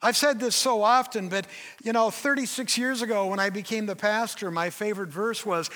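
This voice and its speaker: A man's voice: high voice, fairly quick, sharp tone. An older man preaching a sermon as pastor, emphatic, acting out quoted voices. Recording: reverberant hall.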